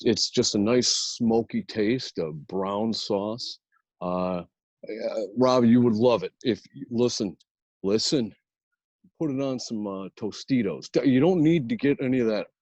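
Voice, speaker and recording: A man's voice: on the low side, a little mellow, no echo. A man putting on a Michigan accent as a boastful local selling hot sauce, rambling with lots of "uh" and "listen". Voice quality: folksy, rambling, full of "uh" and "listen".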